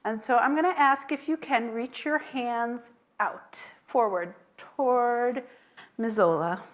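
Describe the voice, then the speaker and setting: A woman's voice: on the high side, takes it slowly. A woman rabbi leading a worship service in a synagogue, speaking tenderly and chanting Hebrew blessings. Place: synagogue sanctuary.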